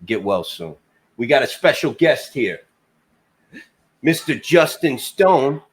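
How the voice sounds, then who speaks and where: A man's voice: medium pitch, sing-song, takes it slowly, breathy edge. Blunt, teasing New man host. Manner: blunt, swearing, teasing, many "uh" fillers. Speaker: podcast host. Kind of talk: casual trucking talk show. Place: Queens, New York.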